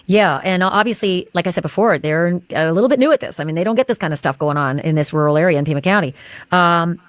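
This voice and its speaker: A woman hosting a true crime podcast, talking through a news case and passing on details from a source with frequent pauses and restarts. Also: fairly low pitch, no echo. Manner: hesitant, sharing details from a source. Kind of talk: casual discussion of a news case.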